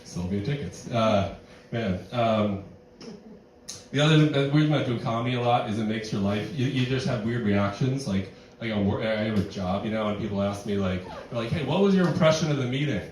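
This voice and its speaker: A man's voice: medium pitch, animated, a little fast, darkish tone, a little hiss or hum. A middle-aged man performing a stand-up comedy set in a rambling, self-deprecating way, filling his talk with "like" and "you know". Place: barn music venue with live audience. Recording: echoey room, distant mic, crowd laughter.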